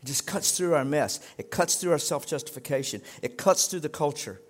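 A man's voice: fairly high pitch, lively intonation, a little fast. A middle-aged male pastor preaching a sermon in a conversational way that swells into emphatic exhortation.

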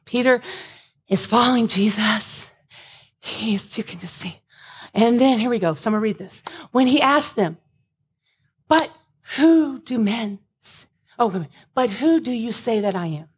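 A woman preaching a sermon, impassioned, at times rising to shouts with a breaking voice. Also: a little high, a little slow, long pauses, breathy edge.

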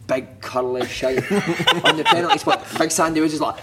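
Fast-talking Scottish man telling stories. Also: on the high side, wildly swooping pitch, heavy background noise. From Scotland. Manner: swears freely, laughs through his stories. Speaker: podcast guest, former footballer. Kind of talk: casual storytelling chat.

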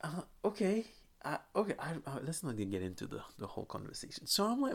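A man's voice: a little high, very animated, fairly quick, vocal fry, fairly bright tone. A young man hosting a podcast, talking in a rambling, casual way with frequent laughs and restarts. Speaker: podcast host. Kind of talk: casual chat.

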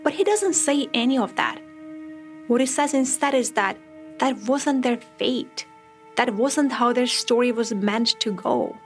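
Creaky-voiced woman narrating a documentary story. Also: a little high, faint music behind. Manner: measured storytelling, reflective. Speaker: podcast host and narrator.

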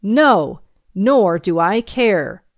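A woman's voice: a little high, very animated, a little slow, dry recording, clean studio sound, voice pushed up. A woman voicing a desperate jailed moonshiner. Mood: desperate pleading. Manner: pleading, raised voice.

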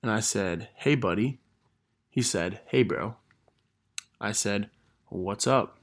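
A man's voice: lowish voice, takes it slowly. A young man hosting a casual podcast, rambling and self-deprecating as he reads old messages aloud. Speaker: podcast host.

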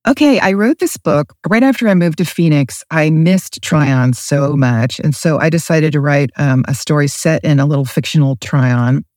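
A woman author who chats loosely about her book, then reads her novel aloud in a steady storytelling voice. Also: low-pitched, normal speed, few pauses, no echo, studio quality. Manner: relaxed, with fillers and restarts, then steady storytelling. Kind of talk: interview chat, then reading her own novel aloud.

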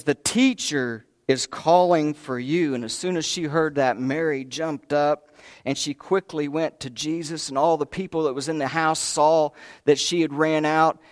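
A man's voice: medium pitch, no echo, clean studio sound. A man preaching a sermon, telling the story with emphasis, putting questions to the congregation and talking to them directly.

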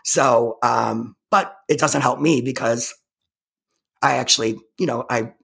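A woman's voice: rumbling low, creaky, a bit bright, slightly rough. A woman telling a personal story as an interview guest, emphatic and intense, often stopping to restart her words. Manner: halting, with frequent repeated restarts.

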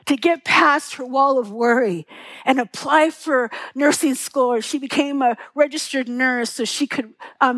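A middle-aged woman preaches with a bright, high voice, tender and earnest as she tells stories and asks rhetorical questions. Her voice comes through a close mic, dry with no room echo. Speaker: pastor. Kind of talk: sermon.

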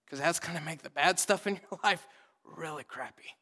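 A young male pastor delivers a laid-back sermon in a slightly high voice, talking to the congregation like friends. He rises to loud readings and drops to near whispers. The sound rings with the long reverb of a church hall. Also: normal speed. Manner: casual, conversational preaching with sudden loud readings and soft whispered asides. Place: church sanctuary.

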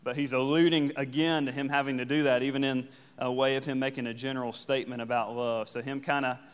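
Smooth-voiced pastor in a reverberant hall. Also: male voice, medium pitch, level tone, quick pace. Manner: conversational, paraphrases scripture in casual everyday phrasing. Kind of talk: sermon.

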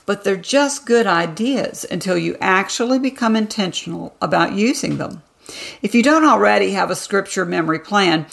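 Female devotional host, mid-range voice with heavy fry, calm measured scripted delivery. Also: mid-range voice.

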